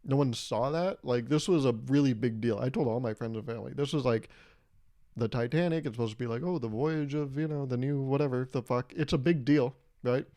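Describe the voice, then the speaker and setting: A man's voice: mid-range voice, fairly quick, mellow. A young man hosting a casual solo podcast, rambling through a story and laughing at his own jokes. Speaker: podcast host.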